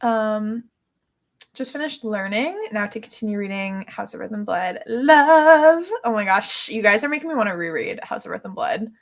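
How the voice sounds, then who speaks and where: A woman's voice: mid-range voice, lively intonation, moderate pace, a bit bright. A young woman hosting a live reading stream, chatting casually in a bubbly, gushing way and reading viewer comments aloud. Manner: bubbly and gushing, many "like"s and "oh my gosh"s, laughs often. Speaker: booktube live stream host.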